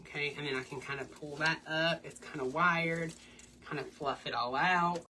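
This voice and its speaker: A woman's voice: deep voice, steady tone, normal speed, bright, forceful tone, distant mic, slight background noise. A woman hosting a casual wreath-making tutorial in her home craft room, chatty and bubbly. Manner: chatty, bubbly, breaks into little sing-song bits. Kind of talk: casual crafting demo chat.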